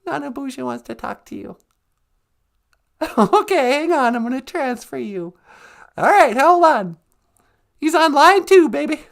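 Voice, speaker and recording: Casting: man playing a giggly young receptionist girl, high falsetto, very lively. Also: a little slow, gravelly, pauses often, full character voice. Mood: bubbly. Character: chirpy young female show receptionist.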